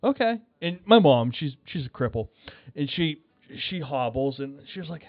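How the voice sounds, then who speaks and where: A man's voice: medium pitch, moderate pace, no room sound. Chatty man telling a story over a tinny phone line. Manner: rambling, animated, acts out his own shouts while telling a story. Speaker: podcast guest. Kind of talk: casual storytelling chat.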